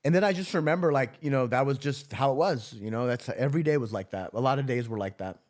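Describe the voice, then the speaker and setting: A man's voice: medium pitch, fast talker, darkish tone. A man from Southern California, a former correctional officer, telling a story in a casual interview, loose and profane, full of filler words.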